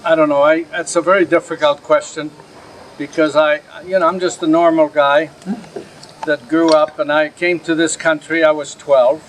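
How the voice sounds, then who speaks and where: A man's voice: on the high side, little pitch movement, normal speed, a little hiss or hum, rough recording. An older man, a Holocaust survivor, lecturing to an audience in a plain, earnest way and taking their questions. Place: outdoor camp gathering.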